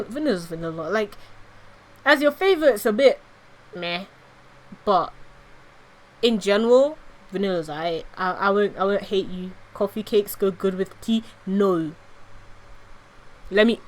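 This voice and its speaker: A woman's voice: mid-range voice, moderate pace. A young British woman chatting casually on a live stream, giggly and reading out chat. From Britain.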